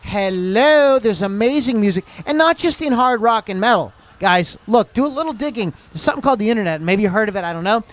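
A man's voice: sits high, lively intonation, fast, few pauses. A man hosting a rock podcast in a loose, rambling, jokey way. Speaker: podcast host. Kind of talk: casual chat.

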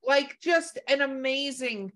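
Chatty woman with a higher voice. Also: takes it slowly, a bit bright. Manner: chatty, lots of "like". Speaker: podcast co-host. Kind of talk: casual chat.

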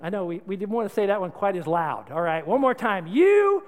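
Male pastor, sermon delivery: high, very animated, playful and exhorting; church hall reverb. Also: fast. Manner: animated, conversational, humorous, exhorting.

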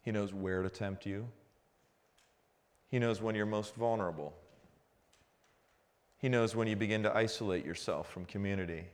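A middle-aged man, a pastor, preaching a conversational sermon that swings between quiet reflection and animated storytelling. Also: on the low side, moderate pace, long pauses. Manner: conversational preaching, builds to animated frustration in anecdotes.

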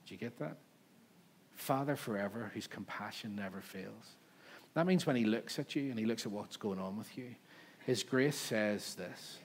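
A man's voice: medium pitch, normal speed, a little hiss or hum. A man, preaching a sermon as pastor, talking in an earnest, conversational way with asides to the room. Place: church service in a room.

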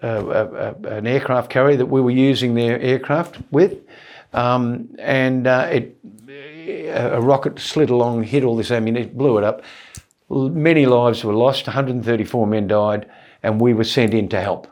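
A man, a comedian guest telling self-deprecating anecdotes in a relaxed, rambling interview. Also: mid-range voice, normal speed. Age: 70s. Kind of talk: casual interview storytelling.

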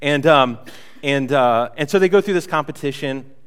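A man's voice: fairly high pitch, moderate pace, a bit bright, smooth, long reverb tail. A man preaching a sermon as pastor, conversational and joking, with many fillers and restarts. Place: church hall.

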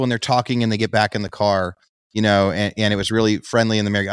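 A man's voice: on the low side, flat delivery, quick pace, smooth, no echo. A man co-hosting a podcast, chatting casually and telling a rambling story, acting out other people's voices in it. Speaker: podcast co-host.

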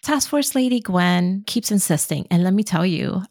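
A woman co-hosting a podcast, talking quickly and casually as she recaps a movie. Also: medium pitch, animated, a little mellow, no room sound, studio quality. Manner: quick, chatty, laughs often. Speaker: podcast co-host.

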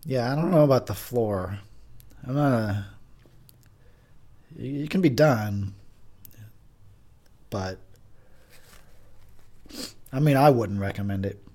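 A man's voice: medium pitch, takes it slowly, pauses often, dark tone. A tipsy man giving crude, rambling drunken movie commentary, laughing often. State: drinking, tipsy.

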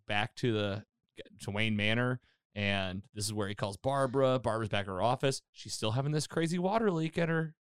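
This podcast host's medium-pitched voice is clear and resonant, captured in a dry, clean studio recording. Hosting a casual chat, he recaps a TV episode with lively storytelling, acting out quotes and using many fillers.

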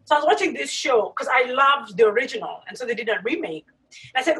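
Woman, high voice, very animated pitch, emphatic casual chat, a bit distant from the mic. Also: quick pace. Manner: animated, emphatic, acts out reactions.

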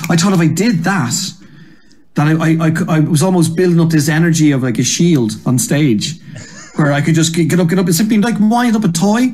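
An Irish man, a comedian and guest, telling energetic, rambling stories in a casual interview and swearing freely. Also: fairly high pitch, a little fast. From Ireland.

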